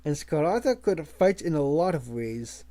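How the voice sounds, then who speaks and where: A man reading a novel aloud as an amateur audiobook narrator, measured, with small slips and restarts. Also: on the high side, very animated, mellow. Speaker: audiobook reader.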